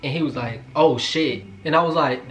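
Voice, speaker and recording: A young man in his twenties telling a casual storytime, joking and slangy, with quick asides to his viewers. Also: fairly high pitch, fairly bright tone, soft background music. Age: 20s. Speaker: vlogger.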